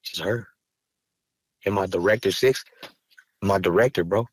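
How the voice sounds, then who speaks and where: A man's voice: sits low, a little slow, slightly rough, no room sound. Podcast guest: man, heated and profane, dry close studio sound. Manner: raw, angry, profane, rising to heated outbursts. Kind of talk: emotional interview talk.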